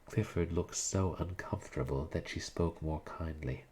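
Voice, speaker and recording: A man reading a classic story aloud in measured, even narration. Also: low-pitched, slightly rough. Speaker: reader.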